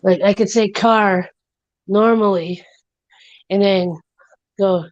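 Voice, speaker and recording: Casual stream co-host, woman, light Boston accent, dark dry voice, slightly dull sound. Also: mid-range voice, fairly even intonation, takes it slowly, no echo. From Massachusetts. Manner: rambling, lots of likes. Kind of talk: casual chat.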